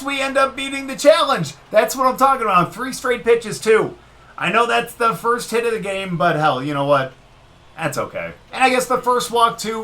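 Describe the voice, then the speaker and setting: A man giving casual let's-play commentary on a baseball video game, excitable and talking straight to the game as he cheers and groans at each pitch. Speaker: gaming video creator.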